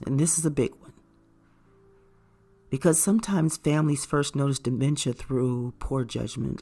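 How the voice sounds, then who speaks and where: A woman giving an earnest, measured talk that gently explains things to caregivers. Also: extremely low pitch. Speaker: caregiver educator. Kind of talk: informative talk to camera.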